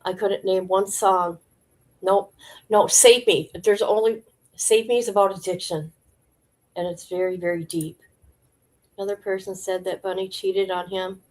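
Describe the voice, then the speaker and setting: A woman's voice: mid-range voice, steady tone, measured pace, a little mellow. A woman hosts a casual livestream with an everyday mid-range voice. She chats loosely and speaks straight to her viewers. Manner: chatty, addresses viewers directly. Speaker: livestream host. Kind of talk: casual gossip commentary.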